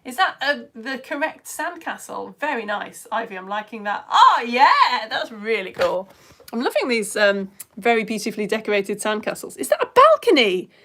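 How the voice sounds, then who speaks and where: A woman's voice: fairly high pitch, animated, moderate pace, bright, forceful tone. A woman teaching children's science lessons, chatting on a live stream into her phone as she reads out viewers' comments and calls out their names. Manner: bubbly, chatty, exclaiming names.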